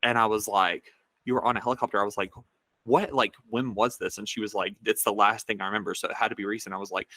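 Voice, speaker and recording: A man's voice: on the low side, steady tone, quick pace, bright, forceful tone, dry recording. A man co-hosting a podcast, telling a dream story casually in a rambling way with many fillers. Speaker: podcast co-host.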